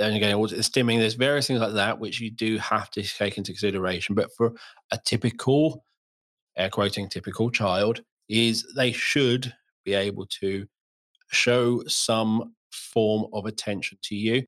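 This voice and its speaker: A man's voice: lowish voice, moderate pace. A middle-aged man hosting a podcast, chatting casually and acting out little scenes as he tells stories. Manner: animated storytelling, acts out voices. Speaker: podcast host. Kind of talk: casual chat.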